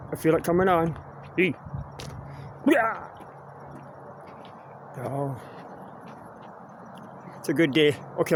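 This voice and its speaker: A man's voice: on the high side, noisy background. A man from Ontario with a Canadian accent, talking in a loose, wandering way while he walks outdoors and films himself for a live vlog. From Kingston, Ontario, Canada. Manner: chatty, wandering, tags "eh" onto sentences. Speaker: vlogger. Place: outdoors, walking near a quarry and cemetery.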